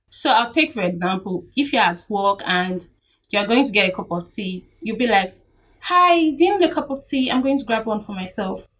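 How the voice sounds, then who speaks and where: A young Nigerian woman chats to her camera, lively and quick to laugh. Her voice sits a little way off the mic. The pitch is middling for a woman. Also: recorded from a distance. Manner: chatty, animated, laughs often. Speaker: vlogger. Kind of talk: casual talk to camera.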